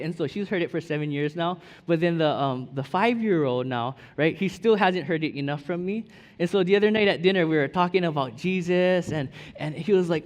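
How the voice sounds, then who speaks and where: Chatty pastor in a reverberant hall. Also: male voice, a little high, expressive, moderate pace. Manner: casual, storytelling with many fillers and restarts. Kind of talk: sermon. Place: church sanctuary.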